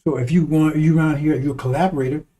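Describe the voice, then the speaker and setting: Mellow-voiced man preaching bluntly. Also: on the high side, steady tone, fast talker. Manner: blunt and profane, repeats lines for emphasis; chuckles between remarks. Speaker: online commentator. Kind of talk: fiery preaching-style monologue.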